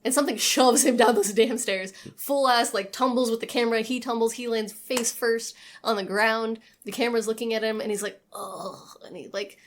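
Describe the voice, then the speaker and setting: A woman's voice: fairly high pitch, steady tone, a little fast, hardly any pauses. A woman co-hosting a podcast, casually retelling a horror film and acting out the characters' lines. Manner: chatty storytelling with acted-out quotes. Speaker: podcast co-host. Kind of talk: casual movie recap chat.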